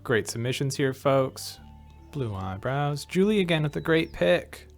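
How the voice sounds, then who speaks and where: A man's voice: on the high side, animated, unhurried. A man hosts a live stream in easy, playful conversation, reading out viewer comments as he goes. Faint music plays in the background. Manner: playful, reads chat comments aloud. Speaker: stream host reading chat. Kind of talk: casual stream chat.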